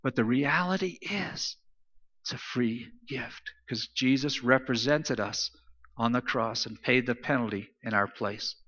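A man's voice: medium pitch, unhurried, sharp tone, long reverb tail, dull audio. A man preaching a sermon in an emphatic style, repeating phrases for stress. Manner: emphatic, repetitive preaching cadence. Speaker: pastor.

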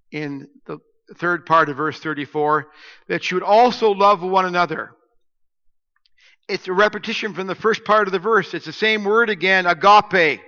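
A male pastor delivers a storytelling sermon, his bright, fairly high voice dropping to a hush and then rising to loud emphasis. The sound carries the long echo of a church hall and a dull, lo-fi tone. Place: church sanctuary.

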